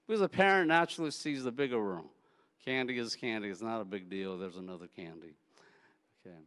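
A man's voice: medium pitch, expressive, quick pace, fairly bright tone. Conversational male preacher in an echoey hall. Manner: conversational, anecdotal, repeats words. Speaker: pastor. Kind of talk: sermon.

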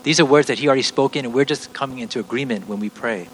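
A middle-aged man preaching in an earnest, step-by-step teaching voice that keeps circling back and restarting its sentences. His voice sits at an ordinary male pitch, with a faint hum in the background. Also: rapid-fire, poor audio. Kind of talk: teaching sermon.

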